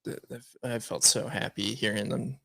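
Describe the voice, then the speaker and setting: A man's voice: on the low side, fairly even intonation, normal speed, creaky, sharp tone, no echo, studio quality. A man co-hosting a podcast, trading sarcastic jokes in casual chat. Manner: sarcastic, joking banter. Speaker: podcast co-host.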